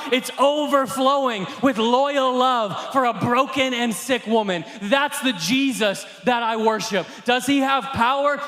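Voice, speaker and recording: A male pastor preaching a sermon at a church service, impassioned, with shouted emphasis. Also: very high-pitched. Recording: echoey hall reverb.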